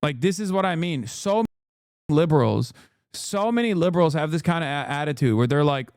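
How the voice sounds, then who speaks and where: A man's voice: a little high, animated, fairly quick, a little mellow, no echo, clean studio sound. A man in his thirties hosting a live-stream reaction, ranting sarcastically and reading chat messages aloud. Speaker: streamer host.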